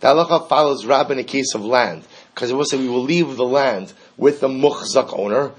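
Husky man teaching a Talmud class. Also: medium pitch, brisk, poor audio. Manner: explains step by step, acts out the sages' exchanges.

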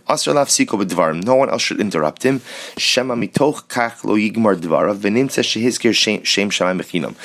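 Man reading and explaining religious law. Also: on the low side. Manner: reads Hebrew passages slowly, then explains in English. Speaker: Torah teacher.

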